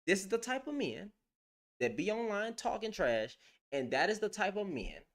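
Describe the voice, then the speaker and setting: Woman, sassy online commentator who swings her pitch a lot and mocks as she rants. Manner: sassy, mocking, laughing, animated. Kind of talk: casual ranting commentary.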